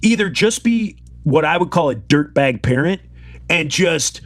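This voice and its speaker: Podcast co-host, man, slightly high voice, rambling ranter, dry close sound. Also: lively intonation, measured pace, dry recording. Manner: rambling, filler-heavy rant. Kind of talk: casual podcast chat.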